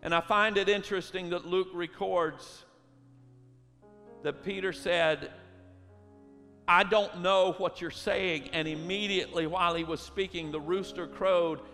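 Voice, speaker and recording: High-voiced pastor man preaching, goes quiet then loud, big reverby church hall, soft music behind. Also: steady tone, a little slow. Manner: swings from hushed storytelling to loud preaching. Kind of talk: sermon. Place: church sanctuary.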